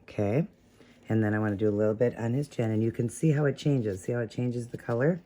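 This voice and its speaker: A man's voice: medium pitch, fast, warm tone. A man hosting a casual step-by-step craft tutorial, chatting while he works and correcting his own slips of the tongue.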